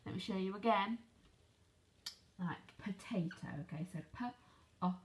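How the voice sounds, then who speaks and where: A woman teaching an online phonics lesson to young children, speaking slowly and clearly, asking questions and spelling words out letter by letter. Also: medium pitch. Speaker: primary school teacher.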